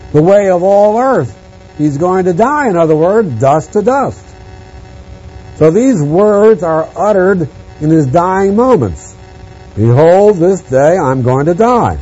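A man preaching a Bible-teaching sermon, reading scripture aloud in a slow, deliberate manner. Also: fairly high pitch, mellow. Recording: dull lo-fi sound with mains hum and faint music.

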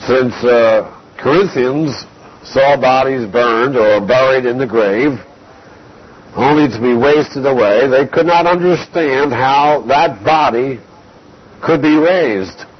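Slow, husky-voiced man teaching scripture. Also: mid-range voice. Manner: slow, deliberate, reads scripture aloud. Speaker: preacher. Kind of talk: expository Bible teaching. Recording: dull lo-fi recording.

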